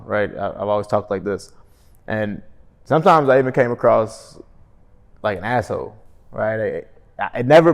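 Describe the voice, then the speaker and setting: A young man talking casually to his vlog audience, often tagging his points with "right?" and calling himself monotone. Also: lowish voice. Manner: conversational, frequent "right?" tag questions, self-described monotone. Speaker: real estate wholesaler and vlogger. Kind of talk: casual motivational vlog talk.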